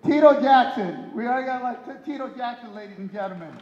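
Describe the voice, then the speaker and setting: Male emcee, high voice, joking introductions, roomy ballroom PA, dull sound. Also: animated, quick pace, crowd noise. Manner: playful, teasing, punchline timing. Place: hotel ballroom event.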